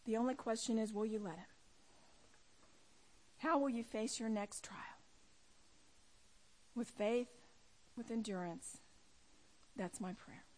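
A woman delivers a sermon in a high voice. She speaks emphatically, swinging between loud urging and quiet, hushed prayer. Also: slow pace, pauses often. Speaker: women's ministry speaker.

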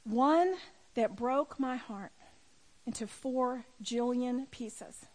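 Middle-aged lady preaching to a room of women, high voice, tells her story with big emphatic swings. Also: drawn-out words. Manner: storytelling, emphatic, rising to near-shouting at high points. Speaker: women's ministry speaker. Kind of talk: personal testimony talk. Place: room with a live audience.

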